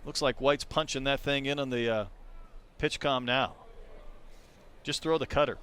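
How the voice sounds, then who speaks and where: A man doing live play-by-play baseball commentary, calling pitches and chatting between them. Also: fairly even intonation, normal speed, fairly bright tone, slight background noise. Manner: conversational, calls pitches between chatty stories. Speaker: play-by-play announcer.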